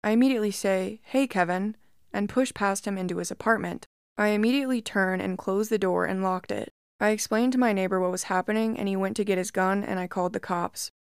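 Woman narrator for scary online stories, smooth clear voice, dry close sound, steady reading. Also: mid-range voice, no echo. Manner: steady, measured first-person reading. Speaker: story narrator. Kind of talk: scripted narration of reddit horror stories.

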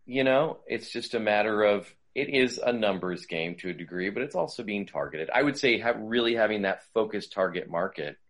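A man's voice: fairly low pitch, animated, fairly quick, hardly any pauses, fairly bright tone. A man speaking as a guest voice coach, giving conversational advice in a loose, rambling way with many fillers and restarts.

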